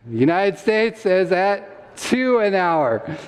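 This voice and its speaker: A man's voice: high voice, sing-song, drawn-out words. A man giving a health talk to a live audience, quizzing the listeners and laughing often as he explains. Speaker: health summit speaker. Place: church hall. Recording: long reverb from a church hall.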